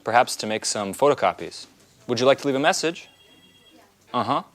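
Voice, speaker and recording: A bumbling, flirty man chats on the phone, played by an actor, stumbling over his words with plenty of ums and uhs. His pitch swings widely as he talks. It sounds like a scripted teaching skit. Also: animated, a little fast, a bit bright, lightly acted. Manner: hesitant, stammering, full of fillers. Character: awkward flirty man answering a colleague's phone.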